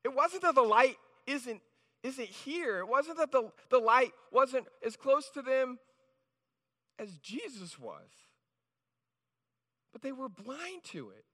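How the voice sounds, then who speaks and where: A man's voice: extremely high pitch, sing-song, slow pace, pauses often, pushed and bright. A male pastor preaching a sermon in a conversational way, often restarting phrases and checking in with the congregation. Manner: conversational, with frequent restarts and "right?" asides. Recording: reverberant hall.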